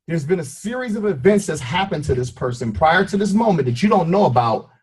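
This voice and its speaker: A man's voice: on the high side, sing-song, fairly quick, breathy edge. A man giving a motivational team talk, telling a story and acting out short voices and cat meows. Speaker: motivational speaker.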